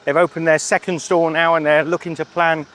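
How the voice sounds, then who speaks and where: A man's voice: fairly high pitch, flat delivery, a little fast, fairly bright tone. A man hosting a casual travel food vlog outdoors at a street stall, chatty and cheerful, laughing often and talking while he eats. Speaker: travel vlogger.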